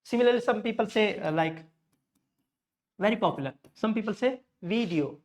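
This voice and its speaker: A man with an Indian English accent teaching English pronunciation, stressing and repeating words slowly to drill the sound. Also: sits high. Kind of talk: spoken English lesson.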